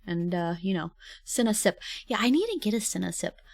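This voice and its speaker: A woman's voice: medium pitch, big pitch swings, a little fast, vocal fry, darkish tone, dry recording. A woman streamer chatting casually with viewers, rambling and laughing often. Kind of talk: casual livestream chat.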